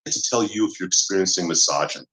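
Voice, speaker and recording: A man's voice: sits low, fast, fairly bright tone. A man, a rabbi, explaining earnestly in a podcast conversation. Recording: roomy played-back clip.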